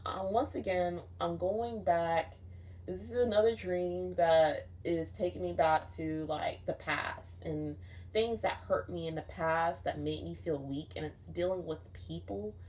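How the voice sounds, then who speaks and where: A woman's voice: fairly low pitch, slow, darkish tone. A young woman telling a dream story in a casual, rambling way, swearing often and saying "like" a lot. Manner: rambling, profane, frequent "like" fillers. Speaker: vlogger recounting a dream.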